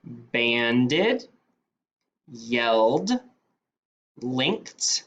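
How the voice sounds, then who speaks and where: Man, teacher, phonics dictation, very slow, deliberate, lively pitch. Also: low-quality recording. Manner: slow, deliberate, sounding out words.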